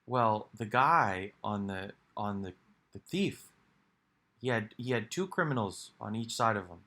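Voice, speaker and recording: A man's voice: on the low side, animated, unhurried, sharp tone. A man giving a rambling, reflective monologue for his video, musing aloud with sighs and restarts. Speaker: video creator.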